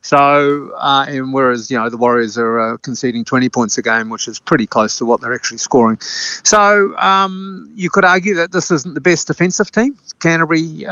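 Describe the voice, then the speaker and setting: A man's voice: mid-range voice, a bit bright, dry recording. Chatty man on a dull dry line. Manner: chatty, many fillers and restarts. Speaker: rugby league commentator guest. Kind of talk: casual radio interview.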